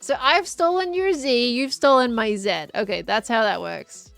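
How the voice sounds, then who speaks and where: Gravelly-voiced chatty Australian woman. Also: fairly high pitch, moderate pace, a bit bright, soft background music. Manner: rambling, chatty, giggly. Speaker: streamer. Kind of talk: casual chat while playing a game.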